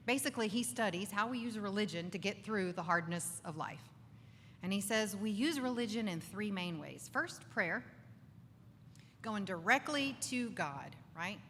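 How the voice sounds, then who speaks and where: A woman giving an animated faith talk to a live audience in a bar, acting out inner voices and asking the crowd for agreement. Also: medium pitch, slight background noise. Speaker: speaker. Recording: distant voice with long reverb, faint ambience.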